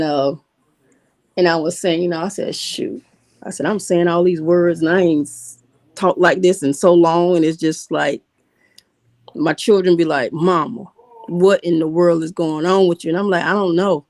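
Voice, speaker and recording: A middle-aged woman co-hosting a casual talk show, telling candid stories in relaxed Southern American phrasing. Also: on the low side. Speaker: podcast co-host. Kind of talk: casual conversation.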